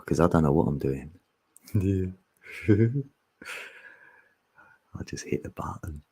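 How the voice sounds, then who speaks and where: A man hosts a loose, joking livestream, rambling between laughs and the odd sung line. His voice sits very low and moves unhurriedly. It carries a husky edge. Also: slow, mellow. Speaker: livestream host. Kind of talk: casual live stream chat.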